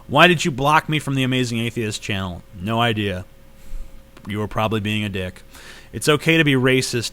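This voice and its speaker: A man in his late twenties answers viewer questions in a casual vlog. His pitch sits in the ordinary middle range for a man. He talks bluntly and swears freely, sliding into heated rants. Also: a bit bright. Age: late 20s. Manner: blunt, profane, ranting.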